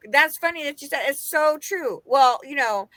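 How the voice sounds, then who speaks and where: A woman from Las Vegas co-hosting a podcast, telling a story in casual chat, animated and laughing as she quotes the people in it. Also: high-pitched, normal speed, no room sound. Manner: animated, laughing, quoting others in her story. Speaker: podcast co-host.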